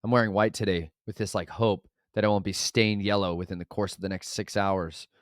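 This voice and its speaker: A man in his thirties, a sleep-deprived father of twins, rambling through a casual vlog monologue with sudden loud bursts. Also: lowish voice, fairly even intonation, brisk, clean tone, no room sound, studio quality.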